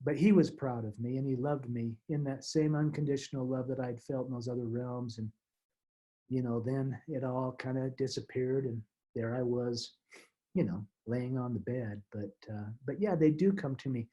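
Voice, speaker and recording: A middle-aged man, a guest speaker, telling a personal story in an emotional, halting way that repeats words, with soft laughs. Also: mid-range voice, steady tone.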